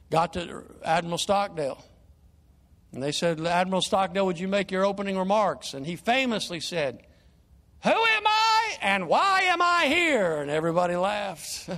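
An older man preaching as a guest evangelist in a church. He moves between hushed, earnest prayer and animated storytelling. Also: high voice, in a large hall. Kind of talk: sermon and prayer. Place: church sanctuary.

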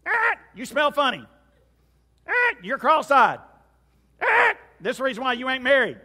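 A rude male parrot squawks mocking insults in a shrill, high voice, as a man puts him on. Every jab comes out loud and pushed hard. The sound rings with the long echo of a big hall. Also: wildly swooping pitch, normal speed, slightly rough, full character voice.

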